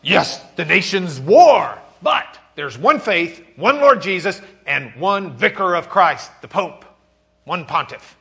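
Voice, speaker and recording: A man voicing a burly, combative theologian debater in a loud, projecting, blustering way. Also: high voice, very animated, takes it slowly, creaky, pitched above the performer's own voice, heavily acted.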